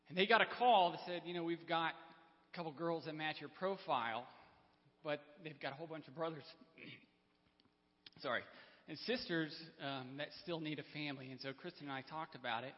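Halting man speaking in a reverberant church. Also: fairly high pitch. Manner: halting, restarts often, clears throat. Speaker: church member speaking to congregation. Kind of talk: unprepared personal storytelling. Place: church sanctuary. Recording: lo-fi with long hall reverb.

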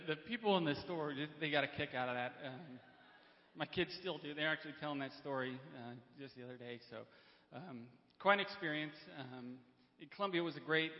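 A man speaks off the cuff from a church stage, stopping and restarting often and clearing his throat. His voice sits a little high for a man. The recording is dull and muffled, with a long reverb from the hall. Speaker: church member speaking to congregation. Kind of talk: unprepared personal storytelling. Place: church sanctuary.

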